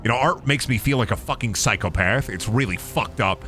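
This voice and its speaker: Young guy streaming a game, bright voice, rambles and swears, lots of dumb joke voices, faint music behind. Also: medium pitch, fairly quick. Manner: rambling, profane, jokey, slips into silly put-on voices. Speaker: gaming streamer. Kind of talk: casual gameplay commentary.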